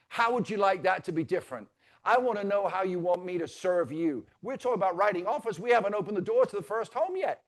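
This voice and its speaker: Brief: male trainer, high voice, theatrical and teasing with the crowd, onstage. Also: animated, moderate pace. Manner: theatrical, teasing, swings loud and soft. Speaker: real estate trainer. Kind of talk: live training talk to an audience. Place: stage before a live audience.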